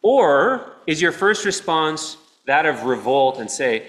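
A man preaching a sermon in a church, earnest, moving between soft stretches and emphatic ones. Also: on the high side, sing-song, slow, hardly any pauses.

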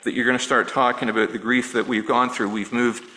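A middle-aged male pastor preaching a sermon in an earnest, personal way, dropping low and quiet on words of grief. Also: level tone, fairly quick, poor audio. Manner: earnest, personal, softening to near-hush on grief.

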